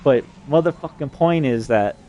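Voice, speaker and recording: A man's voice: mid-range voice, animated, moderate pace, warm tone, muffled recording, a little hiss or hum. A man from New Mexico delivering an agitated, profanity-laden rambling monologue. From New Mexico, USA.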